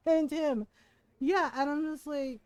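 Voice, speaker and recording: A woman's voice: high-pitched, no echo. A woman game streamer chatting casually, telling stories with lots of laughter and swearing. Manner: animated storytelling, swears freely, laughs often.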